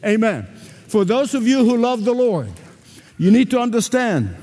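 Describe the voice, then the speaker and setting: Older male preacher, high animated voice. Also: moderate pace. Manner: emphatic, repetitive preaching with call-and-response. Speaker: pastor. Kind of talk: sermon. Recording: reverberant hall.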